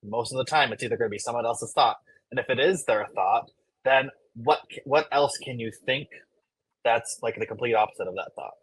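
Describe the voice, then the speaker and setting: A man co-hosting a fitness podcast who speaks in a measured, coaching way. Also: medium pitch, slightly rough, no echo, low-quality recording. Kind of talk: casual podcast chat.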